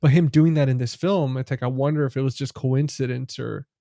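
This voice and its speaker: Casual podcast co-host, man, upbeat and excitable, mellow dark tone, dry close mic. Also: medium pitch, brisk, vocal fry, dry recording. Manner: excitable, laughs while retelling scenes. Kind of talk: casual movie chat.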